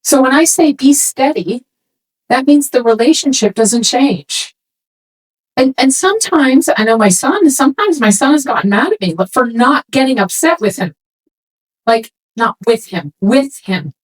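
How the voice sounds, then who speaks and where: A woman speaking to a room of swimming parents in a casual, animated way, acting out quoted remarks as she goes. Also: sits high, moderate pace, husky, low-quality recording. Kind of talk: talk to a parents' session.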